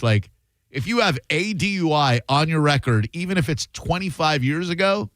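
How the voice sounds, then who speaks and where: A man's voice: a little high, fairly bright tone, no room sound. A man hosting a radio talk show, chatting in a joking, conversational way and taking calls. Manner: joking, conversational, reads aloud from phone. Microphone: studio microphone.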